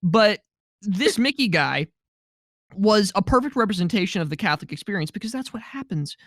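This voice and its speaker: A man's voice: high voice, sing-song, brisk, a bit bright, no room sound, studio quality. A man co-hosting a film podcast, telling a story in a wry, joking, laid-back way. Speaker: podcast co-host. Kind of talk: casual storytelling chat.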